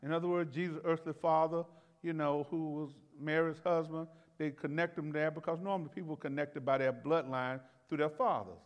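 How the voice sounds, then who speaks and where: A man with a notably high voice preaches a teaching sermon, talking to the congregation like neighbors. He chuckles, doubles back on his words, then climbs into loud, emphatic exclamations. His voice rings out with a long hall reverb. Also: steady tone, brisk, lo-fi sound. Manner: conversational and folksy, laughs and repeats words. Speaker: pastor. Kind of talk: expository sermon.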